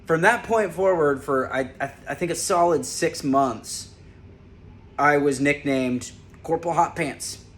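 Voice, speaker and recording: A man's voice: a little high, a little slow, fairly bright tone, slight background noise. A former corrections officer, a man, casually telling a lighthearted story and laughing as he recalls it. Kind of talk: casual personal storytelling to camera.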